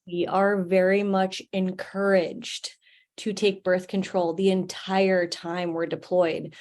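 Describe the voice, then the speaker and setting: A woman's voice: on the low side, little pitch movement, takes it slowly, darkish tone. A woman veteran and mother on a panel, chatting casually over a video call and saying "like" often.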